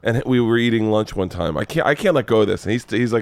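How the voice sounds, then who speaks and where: A man's voice: fairly low pitch, lively intonation, fast, dry recording. A man hosting a podcast, talking casually in a rambling way, stumbling over restarts and swearing freely. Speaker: podcast host.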